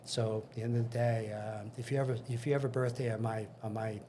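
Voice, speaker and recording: A man's voice: on the low side, steady tone, fast talker, dark tone, a little hiss or hum. An older man, a guest in an interview, casually telling career stories and acting out the conversations in them, with frequent restarts. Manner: anecdotal, acts out dialogue, frequent restarts. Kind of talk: casual storytelling.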